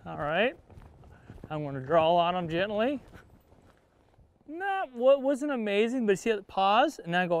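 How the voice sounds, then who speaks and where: High-voiced plain-spoken cowboy trainer. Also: male voice, big pitch swings, measured pace, pauses often, dry recording. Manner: talks while riding, coaching the horse and viewers. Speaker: horse trainer. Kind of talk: instructional riding lesson. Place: outdoor riding arena.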